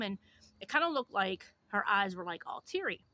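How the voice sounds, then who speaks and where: Woman vlogger, chatty storytelling to camera, crisp bright tone, mid pitch. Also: normal speed, no room sound. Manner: chatty, animated retelling with lots of fillers. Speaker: YouTuber.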